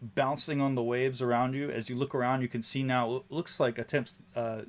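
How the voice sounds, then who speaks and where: Male game master, average pitch, halting descriptive narration. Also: little pitch movement. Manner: descriptive, halting, many fillers.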